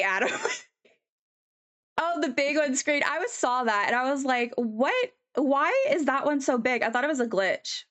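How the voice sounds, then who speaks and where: A woman chatting casually on a live stream as she draws, rambling with many ums and answering chat. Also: fairly high pitch.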